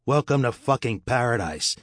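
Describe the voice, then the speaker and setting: A narrator puts on a cocky male smuggler, reckless and mocking, who smirks through every line. His voice is deep, a little raised and lively in pitch. The audiobook sound is dry and close. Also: moderate pace, breathy edge, dry recording. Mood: yelling.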